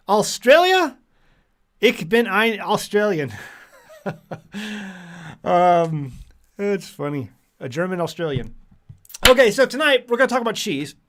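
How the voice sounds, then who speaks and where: A man's voice: high voice, a bit bright. A middle-aged man from the United States hosting a casual livestream, chatty and rambling as he reads out where viewers are tuning in from. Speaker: livestream host.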